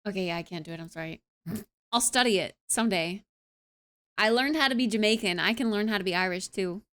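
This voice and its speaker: A woman's voice: mid-range voice, brisk, pauses often, a bit bright, smooth. A young woman streamer wrapping up her live stream in casual, rambling chat, with lots of filler sounds and playful asides. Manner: playful, tries out accents.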